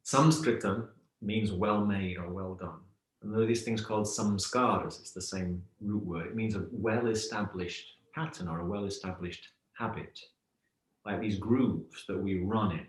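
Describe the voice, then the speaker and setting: A man's voice: on the low side, normal speed. A middle-aged man talking reflectively as a podcast guest, telling stories and analogies in a thoughtful way. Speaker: yoga teacher, podcast guest. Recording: roomy echo.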